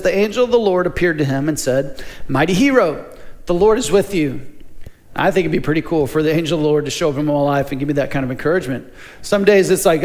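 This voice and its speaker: High-voiced male pastor preaching. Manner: conversational, asks the congregation questions. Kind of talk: sermon.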